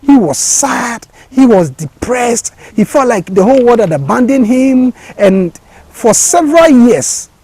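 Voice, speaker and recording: A man gives a motivational talk in a high, husky voice with a mellow tone, speaking a little slowly. He is passionate, repeats words, restarts sentences, and builds to excited peaks. The sound is dry and close, with no room sound.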